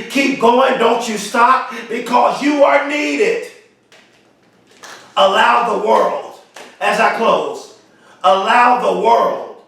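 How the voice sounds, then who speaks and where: High-voiced man preaching motivation in a big echo. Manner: emphatic, repetitive, builds to shouts; drawn-out slow emphasis on key phrases. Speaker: motivational speaker. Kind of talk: motivational speech. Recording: very echoey, voice from far off.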